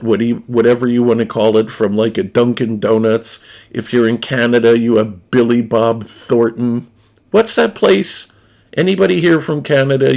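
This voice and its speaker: A man's voice: mid-range voice, gravelly. A man, chatting casually to viewers in a blunt, profane, rambling way. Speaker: gaming streamer reviewing a snack. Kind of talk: casual unscripted chat to viewers.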